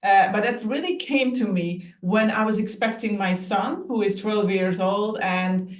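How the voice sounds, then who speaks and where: A woman artist tells her story as a podcast guest, speaking warmly, laughing easily and restarting her sentences now and then. Her voice sits at a middle pitch. The recording has a noticeably roomy, echoey sound. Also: measured pace, recorded from a distance. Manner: warm, laughing easily, talks with small restarts. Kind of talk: casual interview chat.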